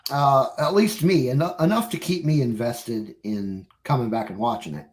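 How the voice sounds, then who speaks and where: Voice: medium pitch, normal speed, darkish tone. A podcast co-host in casual chat, hesitant and full of fillers.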